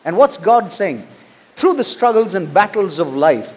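A man's voice: high-pitched, sing-song, measured pace. A man, a pastor from India, preaching a sermon, reading scripture and asking rhetorical questions. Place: church.

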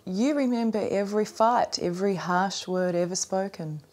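A woman's voice: medium pitch, moderate pace, a little mellow. A woman interviewer with an Australian accent asking curious, prompting questions.

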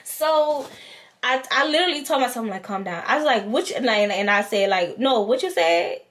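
A woman's voice: a little high, animated, fairly quick, fairly bright tone. A woman vlogger, animatedly telling a storytime and acting out both sides. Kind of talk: storytime vlog.

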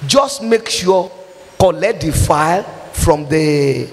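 Fiery Nigerian preacher in an echoing hall. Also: male voice, a little high, animated, slow, slight background noise. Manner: impassioned, shouting rhetorical questions. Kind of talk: fiery sermon. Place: church hall. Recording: long hall reverb.

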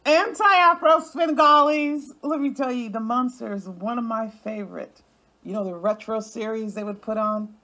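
A woman's voice: mid-range voice, normal speed, faint music behind. A woman hosting an online commentary show, ranting in an indignant, confrontational way and swearing freely. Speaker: YouTube commentary host.

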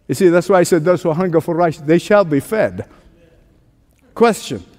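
A man preaching a sermon as pastor, emphatic, with dramatic pauses and passages that rise toward shouting. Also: high voice. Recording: long hall reverb.

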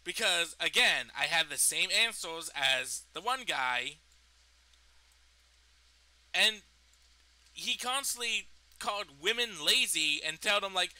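Speaking slowly with long pauses, this young vlogger recounts something that happened to him with plenty of profanity and indignation. His voice is high, expressive and sharp; the low-quality recording has no echo.

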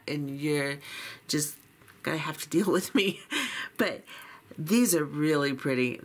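Woman, slow unhurried pace, lowish voice, chatty unboxing walkthrough, self-deprecating. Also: fairly bright tone. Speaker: beading channel host. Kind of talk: unboxing walkthrough, casual chat.

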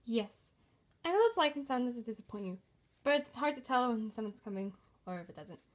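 A woman voicing a calm, sensible young man in a homemade fan movie, speaking patiently and reasoning. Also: a little high, fairly quick, close to an everyday voice.

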